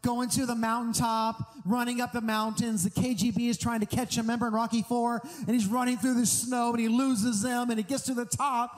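A man's voice: extremely high pitch, in a large hall. A middle-aged American pastor preaching an earnest, conversational sermon, often restarting his sentences.

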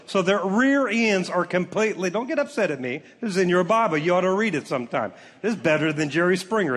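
A man preaching to a congregation with a fairly high voice. He reads scripture slowly and jokes with the crowd in an animated delivery. The sound carries a long reverb from a big hall. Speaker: pastor. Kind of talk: sermon. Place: large church auditorium.

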